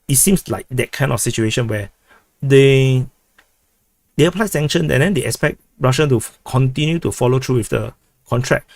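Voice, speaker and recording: A man with a Singaporean English accent hosting a casual livestream, answering viewer questions in a halting way full of repeated words and "uh" restarts. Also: mid-range voice, no echo.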